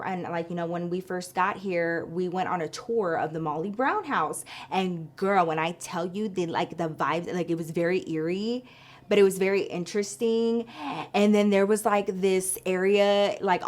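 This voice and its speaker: A woman telling a story to her viewers in a chatty, animated way, full of likes and you-knows. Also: fairly low pitch. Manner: chatty, animated, addresses viewers as girl and y'all. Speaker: storytelling vlogger. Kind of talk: casual storytime.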